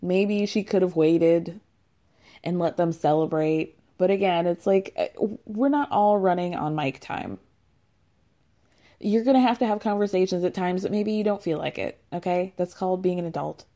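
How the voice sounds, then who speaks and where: A woman's voice: lowish voice, normal speed, warm tone. A woman in her thirties recapping a reality show in casual chat, sarcastic and chatty, acting out what people said and laughing often. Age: 30s.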